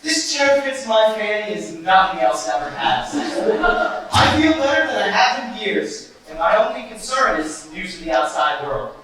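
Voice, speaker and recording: Young man playing a pompous sharp-tongued celebrity. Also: high-pitched, big pitch swings, unhurried, heavily acted. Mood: commanding. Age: young adult. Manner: grandiose, mocking and commanding. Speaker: student actor. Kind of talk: stage play performance. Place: large school auditorium stage. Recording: echoey hall from a distant camera.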